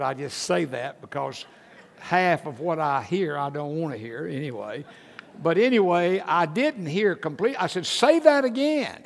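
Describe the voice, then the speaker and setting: A man's voice: high-pitched, creaky. An older man, delivering a sermon as a pastor in folksy storytelling fashion, with self-deprecating humor. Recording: echoey hall with long reverb.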